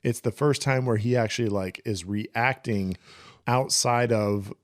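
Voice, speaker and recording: A man co-hosts a casual movie podcast in a mid-pitched voice. He chats eagerly and peppers his sentences with "like". The sound is dry and close to the mic. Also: unhurried, no room sound. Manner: excitable, heavy with "like".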